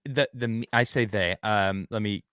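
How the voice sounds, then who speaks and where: A man's voice: fairly low pitch, normal speed, a bit bright, no echo, clean studio sound. A man hosting a commentary talk show, ranting heatedly with many restarts. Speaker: host. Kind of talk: casual commentary chat.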